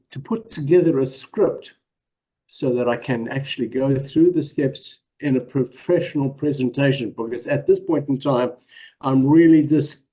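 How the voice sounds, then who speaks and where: A man's voice: mid-range voice, mellow, highs cut off. A man with a South African accent, giving a casual presentation as a guest, modest and hesitant, with many ums and small laughs.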